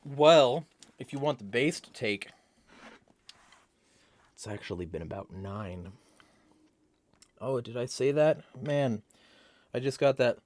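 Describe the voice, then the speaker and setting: A man's voice: mid-range voice, animated, slow, pauses often, a little mellow. A young man hosting a livestream, reading chat comments and answering them in a rambling, wry way.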